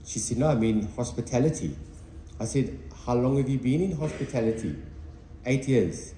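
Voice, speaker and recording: A man's voice: medium pitch, animated, moderate pace, mellow, slight background noise. A man presenting on network marketing to his team, telling a story with emphatic delivery and acting out both sides of a conversation. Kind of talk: animated storytelling talk to a team. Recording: roomy recording with faint ambience.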